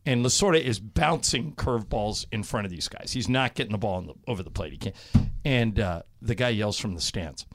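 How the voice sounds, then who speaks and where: A man hosting a sports talk show, telling stories in animated casual chat. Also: fairly low pitch, brisk. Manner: animated, laughing storyteller. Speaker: sports radio host.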